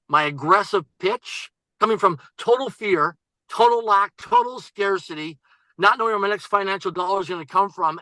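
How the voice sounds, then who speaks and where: A man's voice: high-pitched, pushed and bright, dry recording, rough recording. A man, a podcast guest who coaches and writes, telling a personal story emphatically, often repeating and restarting his phrases.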